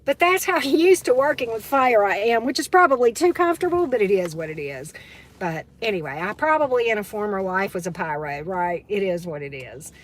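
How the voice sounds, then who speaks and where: A woman's voice: mid-range voice, lively intonation, a little fast. Chatty woman checking in with viewers. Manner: chatty, keeps checking in with "right?" and "okay?". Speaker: tarot reader and spiritual coach. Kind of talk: casual livestream chat with viewers.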